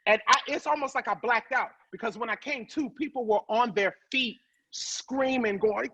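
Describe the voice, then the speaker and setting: A woman comedian telling stories as a guest, loud and profane, quick to laugh. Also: fairly high pitch, slightly rough, rough recording. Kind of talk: animated storytelling.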